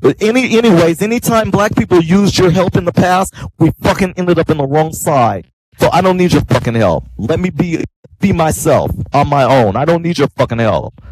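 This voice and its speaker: A man's voice: on the high side, animated, normal speed, a little mellow, rough recording. Angry man ranting in voice chat. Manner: angry, profane, repetitive ranting. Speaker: online gamer in voice chat. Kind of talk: heated voice chat rant.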